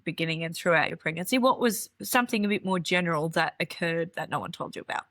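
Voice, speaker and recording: An Australian woman hosts a podcast interview in a fairly low voice. She talks supportively and sometimes rushes through quick stretches. Her voice sounds dry and close to the mic. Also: lively intonation, fairly bright tone, dry recording. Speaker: podcast host. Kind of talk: casual interview chat.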